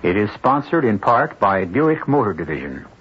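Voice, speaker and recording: A man hosting a radio mystery drama, narrating in a measured, wry, deliberate way. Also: fairly low pitch, very animated, slightly rough. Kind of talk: scripted narration. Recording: dull lo-fi old radio broadcast.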